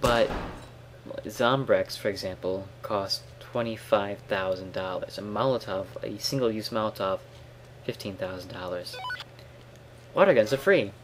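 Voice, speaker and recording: A man casually commenting on a video game as he plays, explaining in a relaxed way with wry asides. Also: on the low side, unhurried, slight background noise. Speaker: let's play commentator. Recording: game audio with gunfire mixed under voice. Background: clear game sounds and gunfire.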